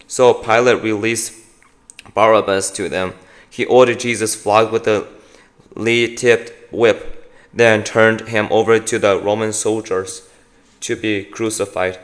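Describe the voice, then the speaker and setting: A man's voice: on the low side, fairly even intonation, measured pace, soft background music. A man giving a devotional scripture reading aloud, often stumbling and correcting himself mid-line. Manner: reads aloud with frequent slips and self-corrections. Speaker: Bible reader.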